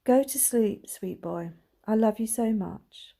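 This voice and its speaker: Woman reading a mellow, tired storybook mum, soft and hushed, soothing. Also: a little high, slow pace, vocal fry, exaggerated voice. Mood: hushed tender. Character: tender, tired mother soothing her son at night.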